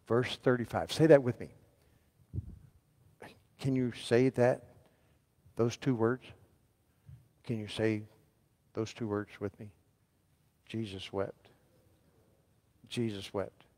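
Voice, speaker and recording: A man's voice: fairly low pitch, darkish tone. A man, a pastor preaching a sermon in a church, calling on the congregation to answer and repeat verses after him. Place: church sanctuary. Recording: long hall reverb.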